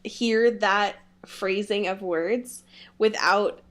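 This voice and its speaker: In a casual book-club conversation, this podcast co-host draws out her words in a medium-pitched voice. She giggles a lot and keeps saying "like" as she animatedly recounts the book.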